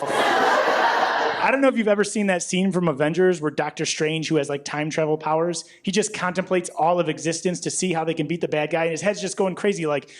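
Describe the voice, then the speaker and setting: A young man doing a stand-up comedy set in a club, telling stories deadpan and acting out the other people with quick voice shifts. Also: fairly high pitch. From Rockford, Illinois. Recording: live club recording with audience noise. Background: audience laughter.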